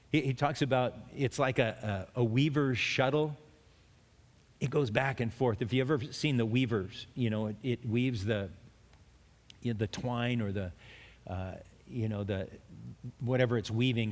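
A man's voice: medium pitch, big-room sound. A man preaching a conversational Bible sermon, restarting sentences often and lifting his voice when he speaks Job's complaints. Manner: plain conversational preaching with frequent restarts, rising when voicing Job. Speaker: pastor. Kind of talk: expository sermon.

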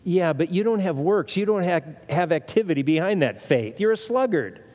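A male preacher with a fairly high voice delivers a sermon, driving his points home through repetition and rhetorical questions. His words ring out with a long reverb, as if filling a large hall. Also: lively intonation, normal speed, dark tone. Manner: emphatic, repeats phrases and asks rhetorical questions.

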